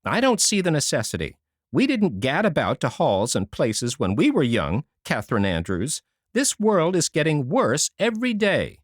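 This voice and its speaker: A man's voice: fairly high pitch, wildly swooping pitch, moderate pace, no echo, clean studio sound. A man reading a storybook voices a grim, sour old woman with a scornful, pessimistic manner. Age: fifty-seven.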